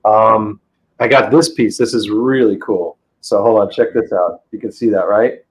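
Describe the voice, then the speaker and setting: On a roughly recorded podcast, a middle-aged man speaks in a lowish, steady voice at a normal pace. He's the guest, a comic book dealer, and his casual storytelling wanders, bubbles with enthusiasm, and keeps starting over.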